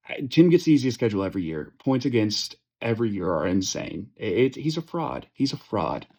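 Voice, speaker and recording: A man's voice: on the low side, lively intonation, moderate pace, darkish tone. A young man hosting a casual fantasy football chat, profane and joking, rambling with lots of fillers and restarts. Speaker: fantasy football podcast host.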